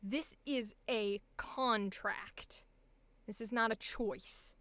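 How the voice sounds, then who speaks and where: Animated bright-voiced female acting coach. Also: fairly high pitch, very slow, dry recording. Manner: animated, emphatic, directive. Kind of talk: live directing session.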